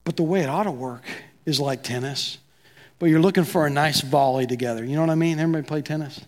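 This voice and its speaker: A man's voice: a little high, fast. A man preaching a sermon as pastor, talking conversationally and acting out both sides of quoted dialogue.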